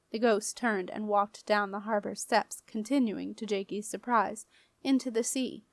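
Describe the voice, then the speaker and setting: A woman reading a children's fantasy novel aloud as an audiobook narrator, in a clear, even storytelling manner. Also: medium pitch, measured pace, dry recording, studio quality. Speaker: audiobook reader.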